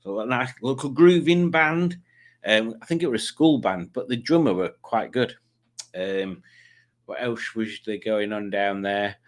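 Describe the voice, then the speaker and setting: A man's voice: on the low side, a little slow. A man hosting a livestream in casual chat, reading out viewer comments in a rambling, jokey way. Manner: rambling and jokey, with frequent ums and self-corrections. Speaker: livestream host.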